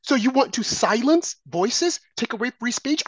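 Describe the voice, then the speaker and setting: A woman's voice: a little high, sing-song, quick pace, hardly any pauses, husky, no room sound. A woman delivering a heated political opinion monologue as a commentator, sarcastic and mocking opponents in a sing-song voice. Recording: dull lo-fi sound.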